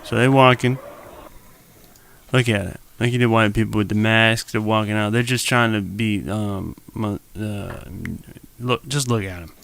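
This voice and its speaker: A man's voice: on the low side, steady tone, unhurried, gravelly, a bit bright, smooth. A young man giving loose, slangy reaction commentary on a live stream, talking straight to viewers into a desk mic.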